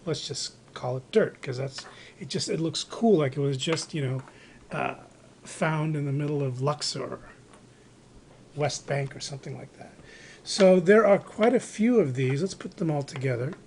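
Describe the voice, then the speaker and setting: A man's voice: a little high, moderate pace, darkish tone, a little hiss or hum. A man casually showing off collectibles on camera, rambling with many fillers and restarts, recorded indoors on a handheld camera. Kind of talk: casual show-and-tell narration. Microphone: handheld camera microphone.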